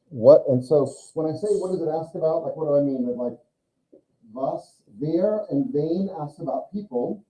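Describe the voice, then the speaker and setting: This is a classroom lecture from a male teacher whose voice sits on the high side and carries a warm tone. He talks casually and asks the students questions, heard through an echoey, muffled recording made from a distance.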